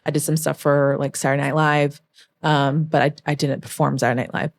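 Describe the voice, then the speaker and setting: A woman's voice: low-pitched, brisk, vocal fry. A young woman, a former backup dancer, telling an emotional story as a podcast guest and acting out the voices of the people in it. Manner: emotional, animated storytelling, acts out quoted voices.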